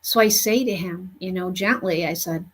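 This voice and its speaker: A woman medium telling a story in an earnest, unhurried way, with many "you know" fillers. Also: lowish voice, a bit bright. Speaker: spiritual medium. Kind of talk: storytelling monologue.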